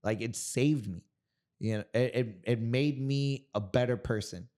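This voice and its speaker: A man in his thirties from Miami, talking as a guest in a casual interview. His voice is smooth and resonant, and he tells stories in an animated, swearing way at a middle pitch. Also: measured pace. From Miami, Florida. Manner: animated, profane storyteller. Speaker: guest kickboxer.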